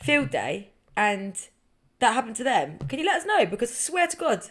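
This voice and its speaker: A woman in her thirties, co-hosting a podcast and telling a story in lively casual chat, swearing often. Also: a little high, moderate pace. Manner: animated storytelling, frequent swearing. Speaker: podcast co-host.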